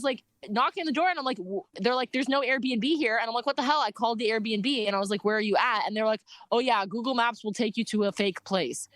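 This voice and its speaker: A young woman casually telling a story about her bike trip, animated, laughing often and filling her talk with "like". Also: on the high side, no echo.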